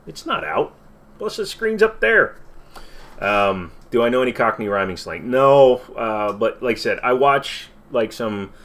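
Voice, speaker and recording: A man's voice: lowish voice, a bit bright. A man hosting a casual livestream Q&A from his desk, rambling with lots of fillers and self-deprecating asides. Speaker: channel host.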